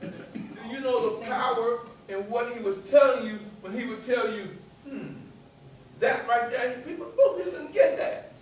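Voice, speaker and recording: A man's voice: very high-pitched, moderate pace, slight background noise. A man with a country accent who stutters and stammers, repeating words as he gives a motivational talk to a live audience. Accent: rural American country accent. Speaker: motivational speaker. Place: echoey event room with an audience. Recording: very echoey room, voice far from mic.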